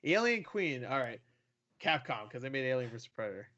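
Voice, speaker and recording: A man's voice: medium pitch, big pitch swings, fairly quick, sharp tone, muffled recording. A man co-hosting a casual gaming podcast, loose, joking and swearing as he plays a trivia quiz. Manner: loose, profane, jokey. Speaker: podcast co-host.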